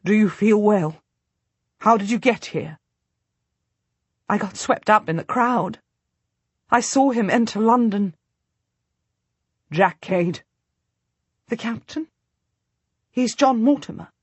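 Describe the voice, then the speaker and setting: A woman voicing a hushed, husky noble husband. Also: medium pitch, takes it slowly, pauses often, no echo. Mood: urgent. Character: anxious devoted noble husband, a knight. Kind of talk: audiobook character voice.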